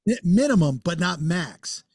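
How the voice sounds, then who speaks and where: A man's voice: high voice, expressive, measured pace, vocal fry, a little mellow, dry recording, studio quality. A man co-hosting a podcast, rambling through a casual rant and often restarting his sentences. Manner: rambling, restarts mid-thought, ranting. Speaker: podcast co-host. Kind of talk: casual chat.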